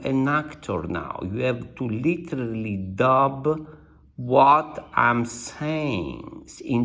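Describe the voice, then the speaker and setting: A man with an Italian accent teaching an Italian lesson, speaking slowly and deliberately with many fillers and restatements. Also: mid-range voice, vocal fry, fairly bright tone. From Italy. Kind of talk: slow language lesson.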